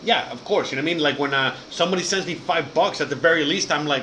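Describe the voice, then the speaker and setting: A man's voice: on the high side, quick pace, few pauses, bright, forceful tone, a little hiss or hum. A man hosting his own channel, talking casually and at length to his viewers, rambling, swearing and repeating "you know what I mean". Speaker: channel host.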